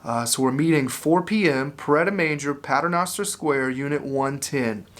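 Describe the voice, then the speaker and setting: A man's voice: a little high, moderate pace, a bit bright. A man, an evangelist, casually talking through a trip schedule in a loose, informal way with frequent fillers. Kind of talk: casual spoken announcement.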